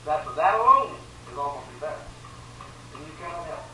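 A man preaching a sermon with emphatic repetition, swinging between loud pleading and quiet, sorrowful lines. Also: a little high, lively intonation, quick pace, slight background noise. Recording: echoey room from far off, faint ambience.

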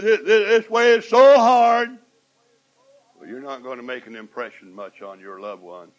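A man preaching a sermon, repeating phrases and swinging from hushed asides to shouts. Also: fairly high pitch, rough recording. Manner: swings from hushed to shouting, mimics complaining voices; repeats phrases, drawn-out emphatic lines.

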